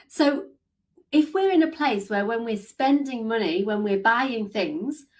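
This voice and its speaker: A woman's voice: on the high side, lively intonation, slow. A woman leading a live coaching session, upbeat and encouraging, reading out comments. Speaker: business coach.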